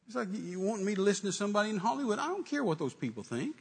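An older man preaching a sermon, telling a folksy story that swings from hushed to shouting. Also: high voice, big pitch swings, rapid-fire, gravelly, slightly rough.

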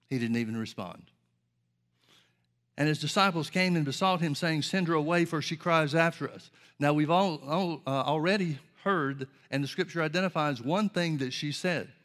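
A man preaching a sermon, explaining scripture in a measured way and reading old-style Bible verses aloud. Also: on the high side, fairly bright tone.

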